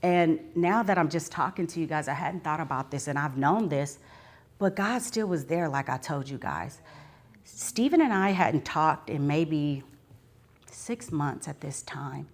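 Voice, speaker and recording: Woman, deep voice, live testimony, earnest, talks right to the crowd, fervent. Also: lively intonation, measured pace. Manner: earnest, addresses the audience directly; swells into fervent preaching. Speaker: speaker sharing her testimony. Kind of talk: live personal testimony to an audience. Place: book signing event, live audience.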